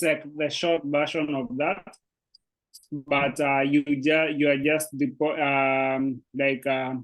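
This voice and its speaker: A Swahili teacher, a native-speaking man, explains an online language lesson in English, hesitating often with fillers and restarts. His voice sits a little high and sounds a bit bright, though the audio quality is poor.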